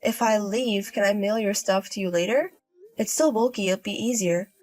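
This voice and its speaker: A woman voicing an unbothered young woman who gambles, speaking in a low-key deadpan way in a storybook. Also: normal speed, close to an everyday voice.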